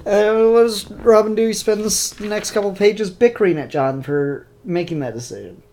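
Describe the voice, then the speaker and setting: A man's voice: sits high, normal speed, warm tone, a little hiss or hum. Male comic reviewer, laid-back rambling chat, blunt opinions, lots of ums. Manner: rambling, opinionated, frequent fillers.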